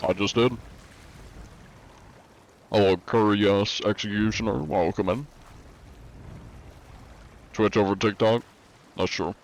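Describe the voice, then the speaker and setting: Streaming a game live, this man keeps things casual and relaxed, reading chat out loud and responding with many "uh" fillers. His pitch is fairly low, with vocal fry.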